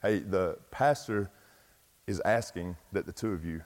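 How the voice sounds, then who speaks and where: A man voicing a stern male police officer who speaks forcefully. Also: low voice, a little slow. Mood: commanding. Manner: forceful, commanding. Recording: long reverb from a large hall.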